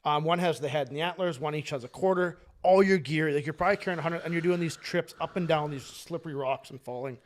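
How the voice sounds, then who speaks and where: Fast-talking man spinning a story. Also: fairly high pitch. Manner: rambling, profane, laughs while telling stories. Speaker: podcast co-host. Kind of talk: casual podcast storytelling.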